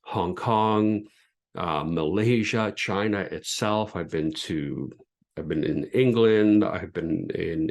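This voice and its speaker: A man's voice: lowish voice, a little mellow. A middle-aged man, hosting a podcast and telling his personal story in an earnest, reflective way with frequent restarts. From Canada. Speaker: podcast host and former pastor.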